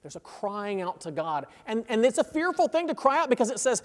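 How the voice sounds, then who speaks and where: A man's voice: high voice, very animated, fairly quick, hardly any pauses. A man preaching a sermon as a pastor, conversational, checking in with his listeners, chuckling between phrases and building in intensity. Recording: long reverb of a large hall.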